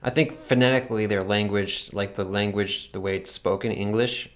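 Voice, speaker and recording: A man hosting a podcast in casual chat, animated and laughing often, his voice jumping up when excited. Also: lowish voice, normal speed. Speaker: podcast host.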